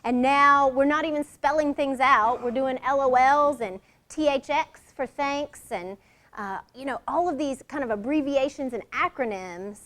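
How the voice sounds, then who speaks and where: This middle-aged woman runs a workshop, presenting conversationally at a normal speed. Her high voice is a bit bright, and she acts out short sample lines in different tones to make her point.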